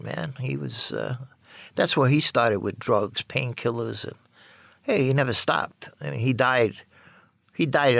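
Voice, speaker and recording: Gravelly older New man. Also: mid-range voice, a bit bright, dry recording. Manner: rambling, profane, halting with many restarts. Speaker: interviewee. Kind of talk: personal storytelling.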